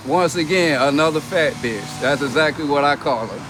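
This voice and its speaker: A reality TV personality goes on a casual livestream rant, reading comments in a slightly high voice. He's brash, profane and mocking, laughing between lines, with background noise behind him.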